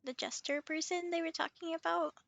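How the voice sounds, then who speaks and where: Young woman, streamer, casual gaming commentary, high voice, a bit of vocal fry, chatty and reactive. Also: steady tone, brisk, fairly bright tone, no room sound. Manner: chatty, reactive, thinks aloud.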